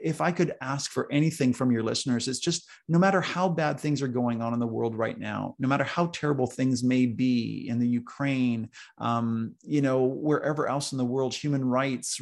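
Male podcast guest, coach type; earnest storyteller, gravelly texture. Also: mid-range voice, darkish tone. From North America, East Coast. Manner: earnest, storytelling, emphatic repetition. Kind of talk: casual podcast conversation.

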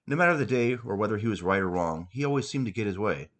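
A man's voice: lowish voice, lively intonation, quick pace. Man reading his own comic story. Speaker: podcast host and author.

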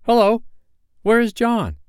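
A man's voice: sits high, sing-song, moderate pace, clean tone, dry recording, studio quality, voice pushed up. A man voicing Peter Pan, an eager, commanding boy who never grows up, in a storybook reading.

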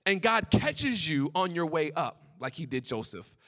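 High, bright-voiced young male preacher. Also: a little slow. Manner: animated preaching, drops to hushed tones for God's words. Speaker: pastor. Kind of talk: sermon.

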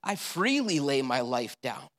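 A male pastor preaching a sermon, animated and storytelling, with rhetorical questions and repeated answers. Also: medium pitch, measured pace, big-room sound.

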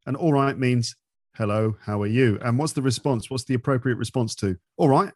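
A man's voice: mid-range voice, fairly quick, no echo. Playful English man, dry close sound. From London. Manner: animated, playful, acts out greetings. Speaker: podcast guest, English teacher. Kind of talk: casual interview chat.

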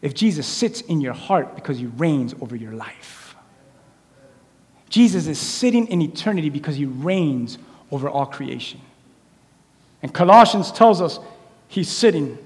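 A man preaching a sermon in a church, animated and conversational, acting out little quotes as he goes. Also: on the high side, unhurried, pauses often. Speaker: pastor. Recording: echoey hall reverb.

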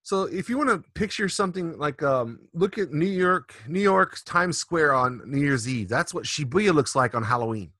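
A man's voice: fairly high pitch, animated, normal speed, hardly any pauses, sharp tone, dry recording. A man in his forties, co-hosting a casual drinking podcast, telling loose, profane stories with a lot of rambling. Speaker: podcast co-host.

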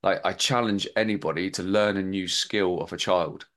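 A man's voice: deep voice, normal speed, fairly bright tone. A man in casual podcast chat, talking enthusiastically and rambling with lots of fillers. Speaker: podcast host.

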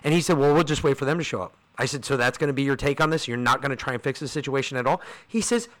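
A man's voice: mid-range voice, racing, few pauses, a bit bright. A man co-hosting a podcast, telling a story in casual chat, swearing freely and acting out what each person said. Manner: profane, fired-up storyteller acting out quoted people. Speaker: podcast co-host.

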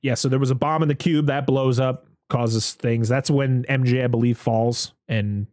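A man's voice: medium pitch, moderate pace, no echo, studio quality. Chatty man recapping a movie. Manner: rambling, animated, swears freely. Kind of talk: casual chat recapping a movie.

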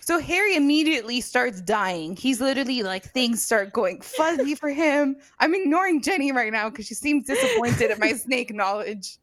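A woman's voice: sits high, very animated, normal speed, few pauses. A woman co-hosting a podcast, animatedly retelling a story in casual chat, with lots of "like" and a dramatic flair. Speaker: podcast co-host.

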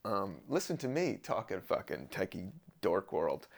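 A man's voice: low voice, sing-song, measured pace, vocal fry. A man from Southern Virginia hosting a podcast, rambling casually in a laid-back, profane monologue. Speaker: podcast host.

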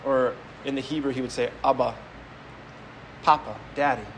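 A man's voice: medium pitch, steady tone, moderate pace, a little hiss or hum, poor audio. A man preaching a homily as a priest, speaking conversationally, telling stories and often repeating words as he goes. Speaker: Catholic priest.

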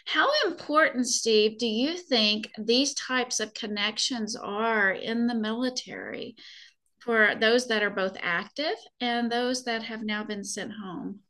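Female interviewer, bright and fairly high voice, supportive and affirming. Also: takes it slowly. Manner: gentle, affirming questions. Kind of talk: casual interview.

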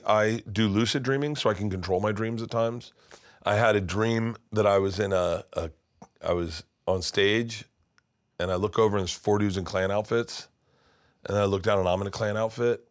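A man's voice: fairly low pitch, moderate pace. A man telling a long story in casual chat, rambling with many restarts. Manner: rambling, animated, many restarts, acts out voices. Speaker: guest storyteller.

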